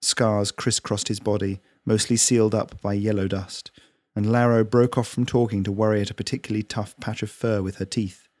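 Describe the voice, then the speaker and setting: A low-voiced man reads his own short fiction in a gentle, unhurried way. The sound is dry and close, with no room around it. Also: flat delivery, dry recording. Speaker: author and narrator. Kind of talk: short story reading.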